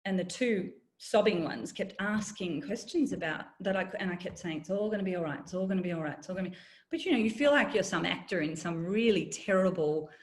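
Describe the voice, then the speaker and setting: A woman's voice: fairly low pitch, a little fast. A middle-aged woman, telling a personal story in an interview, candid and wry. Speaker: guest, former journalist.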